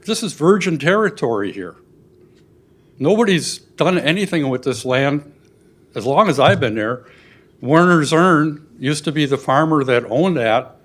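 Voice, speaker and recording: An older man giving a public comment at a city meeting, earnest and halting, getting emotional at times. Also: medium pitch. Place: city council chamber.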